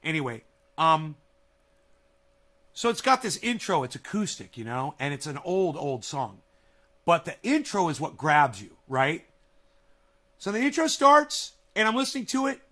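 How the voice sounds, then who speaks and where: A man vlogging from home in a casual, rambling monologue, telling a story excitably and swearing often. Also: fairly high pitch. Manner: animated, profane, excitable storytelling. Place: at home, near a kitchen.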